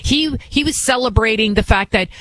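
A woman's voice: fairly high pitch, normal speed, a bit bright, no room sound, low-quality recording. A woman hosting a commentary show who talks in an indignant, scornful way, often restarting her sentences. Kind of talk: opinionated commentary, playing clips.

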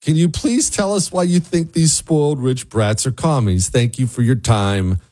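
A man's voice: expressive, moderate pace, warm tone. Sarcastic man ranting as show host. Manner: sarcastic, ranting, swings pitch widely for emphasis. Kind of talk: opinionated political commentary.

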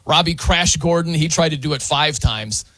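Bright-voiced man on sports talk. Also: on the high side, moderate pace, no echo. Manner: animated, mimics wrestling announcers.

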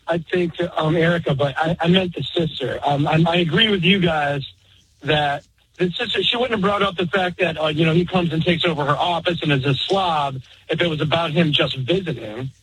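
Male caller, slightly high voice, thoughtful and hesitant. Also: a little fast, a bit bright, slightly rough, poor audio. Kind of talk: call-in radio talk.

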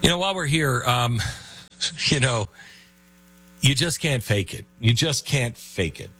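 A man hosting a radio talk show, talking in a mocking, animated way and jumping between bits. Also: mid-range voice, unhurried, a little hiss or hum. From United States. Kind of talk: casual radio talk with read ad.

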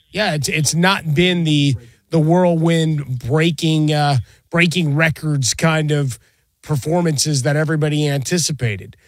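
Sports radio guy chatting football, bit higher voice, loose talker, dry booth sound. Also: no room sound. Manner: conversational, hedging with restarts. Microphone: studio mic.

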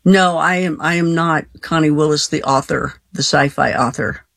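A woman's voice: low voice, normal speed, vocal fry, fairly bright tone, no room sound. A woman hosting a late-night call-in radio show, chatty and folksy, laughing easily between callers. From Colorado. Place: radio studio.

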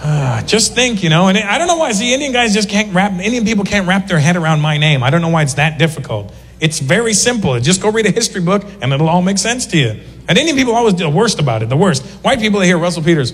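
A man performing a live stand-up routine, animated and slipping into voices to mimic people. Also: high voice, quick pace. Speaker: stand-up comedian. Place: live comedy venue. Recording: long hall reverb, clear ambient noise.

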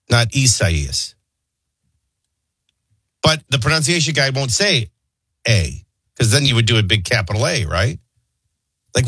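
A man's voice: medium pitch, fairly bright tone, breathy edge, no echo. A man hosting a talk radio show, stuffy and congested, rambling in a wry, conversational way. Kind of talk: casual talk radio chat.

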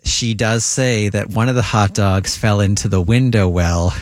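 A man's voice: fairly low pitch, steady tone, measured pace, dry recording, studio quality. A man co-hosting a radio show, reading listener stories aloud with amused asides. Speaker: radio co-host.

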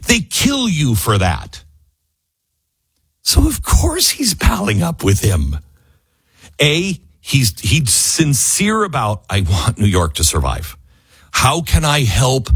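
A man's voice: medium pitch, husky, no room sound. A man hosting talk radio, giving emphatic, argumentative political commentary from a studio. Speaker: radio talk show host.

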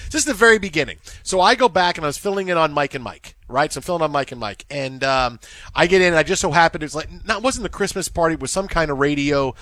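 A high-pitched man hosting sports radio, jumping between quick stories and updates. His voice sounds dry and close to the studio mic. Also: no echo. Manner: animated storytelling, quick asides. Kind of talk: casual sports radio chat.

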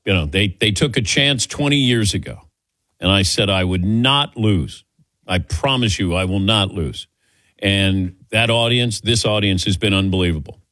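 A male sports radio host talking casually into a studio microphone, wry and self-deprecating. His pitch moves in a lively way. The sound is close and dry. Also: no room sound.

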